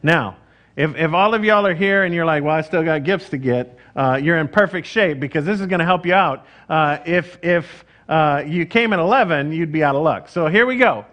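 A middle-aged pastor with a drawl and a fairly high voice preaches in a relaxed, conversational way. He jokes at his own expense, repeats himself, and stops to restart his sentences, so the sermon sounds more like friendly talk than an address. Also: moderate pace. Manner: conversational, self-deprecating, with frequent fillers and restarts. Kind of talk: casual sermon.

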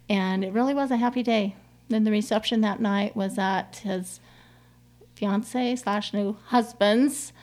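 A middle-aged woman telling a personal story as an interview guest, in a heartfelt, halting way with many restarts. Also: on the high side. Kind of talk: conversational interview.

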